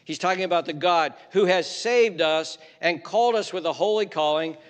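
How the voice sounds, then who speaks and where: A man preaching a sermon, stressing his points firmly and slowing right down when he reads scripture. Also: fairly high pitch, fairly bright tone, big-room sound. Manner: emphatic, slows down hard on scripture quotes. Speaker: pastor. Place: church.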